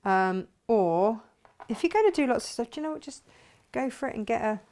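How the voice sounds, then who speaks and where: A woman's voice: fairly high pitch, expressive, a little fast, a little mellow. A woman chats her way through a sewing project, narrating each step as she goes. She is casual and self-mocking, breaking off now and then as she concentrates. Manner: chatty, self-mocking, talks while working. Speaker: sewing vlogger and shop owner. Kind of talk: casual sewing tutorial chat.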